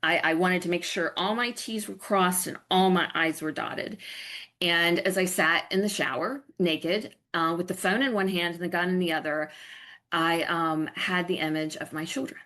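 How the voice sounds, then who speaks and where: Earnest middle-aged woman, low voice. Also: fairly even intonation, a bit bright. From North Carolina, USA. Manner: earnest and reflective, halting restarts. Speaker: guest. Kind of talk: candid personal storytelling.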